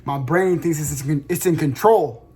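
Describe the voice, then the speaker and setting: Young guy streamer rambling on, slangy n sweary, kinda high voice, yells out of nowhere. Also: normal speed, slight background noise. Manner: animated, rambling, slangy, swears a lot, bursts into loud shouts and laughs. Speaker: streamer telling a story. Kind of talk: casual storytelling monologue.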